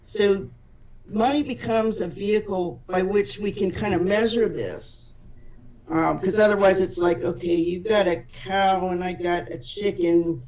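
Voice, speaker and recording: A woman's voice: medium pitch, steady tone, unhurried, a little mellow. A woman who is a podcast guest, explaining ideas patiently and step by step, often restarting her sentences. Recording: distant, dull-sounding audio.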